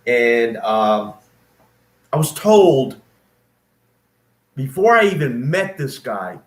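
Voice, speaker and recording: A man's voice: mid-range voice, sing-song, slow pace, pauses often, echoey room. A man in his fifties, a former nurse, telling his story in an emphatic, aggrieved way. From East Texas. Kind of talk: casual spoken storytelling.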